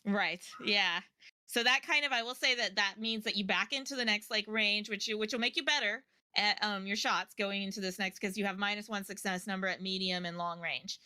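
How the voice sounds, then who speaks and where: A woman game master guides her players through a tabletop session, talking through the rules as she goes. Her voice is bright and forward. It is recorded close and dry, with no room sound, and her pitch sits in the middle range. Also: fairly quick, clear, resonant tone, no room sound. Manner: thinks aloud, lots of fillers and restarts.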